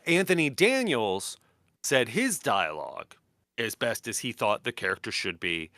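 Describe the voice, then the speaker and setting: A man co-hosting a podcast in casual chat, animated and quick to slip into comic voices. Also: mid-range voice, dry recording, clean studio sound. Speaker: podcast co-host.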